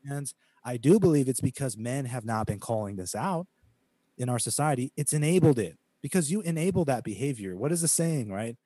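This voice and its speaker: A man from the United States co-hosting a podcast, talking emphatically in a preachy way. His voice is dark and mellow, and the recording is dry and close. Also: mid-range voice, animated, brisk, dry recording. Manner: emphatic, preachy, quotes scripture, mocks critics in quoted voices. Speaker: podcast co-host. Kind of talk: casual podcast talk, preaching tone.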